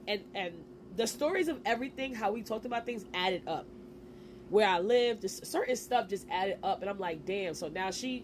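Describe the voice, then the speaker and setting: A woman in her forties telling a personal story to camera in a casual, animated way, with slang and quick asides. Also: mid-range voice, slight background noise. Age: 40s. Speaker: vlogger.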